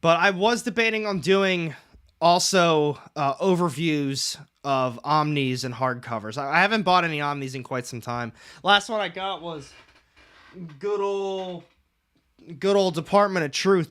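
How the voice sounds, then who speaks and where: A man's voice: a little high, lively intonation, moderate pace, a bit bright, smooth. A young man hosting a casual comics livestream, rambling, reading chat aloud and swearing casually from his room at home.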